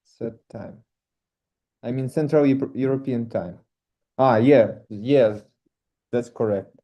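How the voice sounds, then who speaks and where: A man with a Russian accent co-hosting an online call, speaking hesitantly with many pauses and filler sounds. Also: medium pitch, mellow. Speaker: event co-host. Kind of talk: casual online call chat. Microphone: video call. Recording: dull lo-fi call audio.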